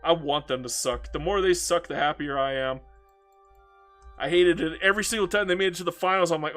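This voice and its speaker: Male game streamer, casual rant, high voice, bright tone, laughs, stammering. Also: fairly quick, faint music behind. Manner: laughing, ranting, stammering restarts. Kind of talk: casual chat while gaming.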